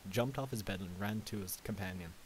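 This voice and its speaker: Halting man reading a story aloud. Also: sits low, low-quality recording. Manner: halting, with slips and self-corrections. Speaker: amateur reader. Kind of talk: reading fan fiction aloud. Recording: faint tape hiss.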